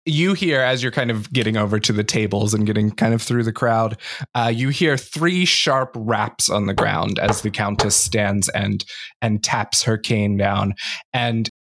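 A man narrating as game master in a relaxed, casual way. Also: on the low side, measured pace.

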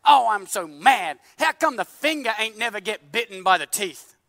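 A man's voice: high-pitched, very animated, rapid-fire, bright, forceful tone, dry recording, studio quality, big-room sound, full character voice. A man voicing a talking tongue that whines resentfully about the fingers. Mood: sulky. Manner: whiny, resentful. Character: jealous, sulking talking tongue.

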